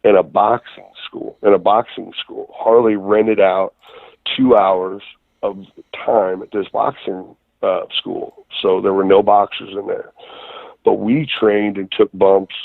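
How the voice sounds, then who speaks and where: A man calls in as a guest and tells long stories, full of fillers and swearing. His voice is on the low side. The sound is dry and squeezed into a narrow, phone-like band. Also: flat delivery, unhurried, gravelly, no echo. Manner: rambling, profane, many fillers. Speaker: guest wrestler. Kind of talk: casual storytelling interview. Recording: tinny phone line.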